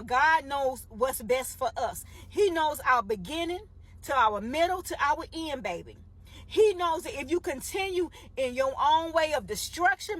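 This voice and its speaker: A woman minister retells a Bible story as a sermon in a high, husky voice. She is emphatic and repeats herself for weight, and she keeps calling her listeners "baby.". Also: fairly bright tone.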